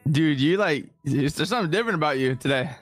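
A man's voice: fairly high pitch, animated, fast, faint music behind. Young man rambling with lots of "like". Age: young adult. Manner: rambling, many fillers like "like". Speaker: co-player. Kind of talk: casual gaming stream chat.

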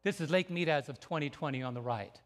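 A man preaching a sermon as pastor, emphatic and building to near shouts. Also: on the high side, fast talker. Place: church sanctuary. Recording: long church hall reverb.

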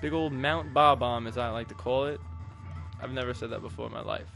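A man's voice: mid-range voice, fairly even intonation, a little fast, gravelly, fairly bright tone, soft background music. A man giving casual, jokey gameplay commentary as a let's play host, rambling with crude asides.

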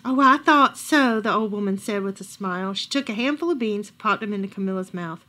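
Expressive woman reading a bedtime story. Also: mid-range voice, quick pace. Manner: expressive, lively. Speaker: library storytime reader. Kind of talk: reading a picture book aloud.

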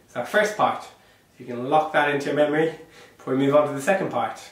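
A man's voice: medium pitch, expressive, fast. A man leading an online percussion workshop. He speaks encouragingly, wears a small clip-on mic, and chants rhythm syllables aloud to demonstrate. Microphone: small clip-on microphone. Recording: very echoey room, voice sounds distant.

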